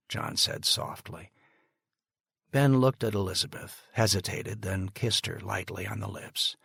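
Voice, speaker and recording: A man narrating an audiobook in a steady, even storytelling manner. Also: low voice, a little slow, vocal fry, husky, no echo, clean studio sound. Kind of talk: scripted narration.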